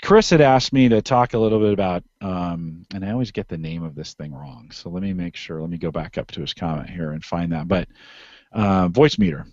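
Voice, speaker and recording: Man, low voice, rambling emphatic podcast talk, dry muffled sound. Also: a little fast, darkish tone, no room sound. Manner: rambling, restarts sentences, emphatic. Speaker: podcast co-host. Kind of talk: casual podcast chat.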